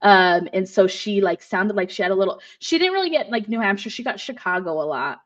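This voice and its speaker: A woman's voice: medium pitch, fairly quick, recorded from a distance. Laughing woman co-host, dull-sounding recording. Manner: animated storyteller, laughs often. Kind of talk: casual chat.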